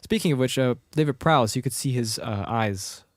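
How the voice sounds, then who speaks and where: A young man co-hosting a podcast, retelling a film in casual chat with quick impressions. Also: mid-range voice, lively intonation, no room sound, studio quality. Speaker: podcast co-host.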